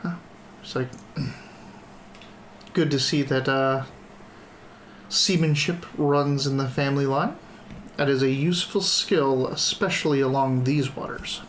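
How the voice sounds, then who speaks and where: A man's voice: medium pitch, a little slow, pauses often, a little hiss or hum. A man acting as game master, narrating the game in a casual, rambling way with lots of fillers. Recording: echoey room.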